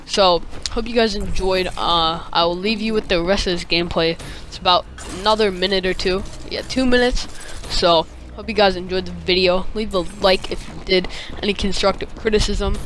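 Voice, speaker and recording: A man's voice: high voice, steady tone, moderate pace, fairly bright tone, rough recording. A man with a slight lisp from a retainer, telling a story casually over gameplay in a rambling way, with many fillers and casual swearing. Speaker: gaming video creator.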